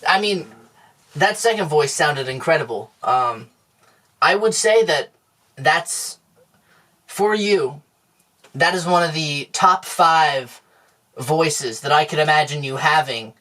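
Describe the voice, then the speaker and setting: A man co-hosting a comedy podcast, deadpan and mock-reassuring, with frequent stammers. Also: a little high, takes it slowly, pauses often. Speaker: podcast co-host.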